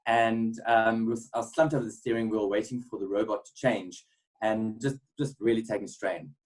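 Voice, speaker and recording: A man's voice: on the low side, fairly even intonation, moderate pace, darkish tone, poor audio. A man gives a motivational webinar talk built on a personal story. He speaks earnestly, with frequent ums and repeated words. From South Africa. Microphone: webinar mic.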